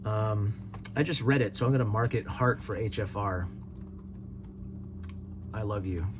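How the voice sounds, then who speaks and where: A man with a mid-range voice chats easily as he reads comments aloud and answers them in a relaxed way. A faint hum runs under the recording. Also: medium pitch. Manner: laid-back, reads comments aloud and replies with chuckles. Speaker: host reading viewer comments. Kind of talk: casual solo commentary.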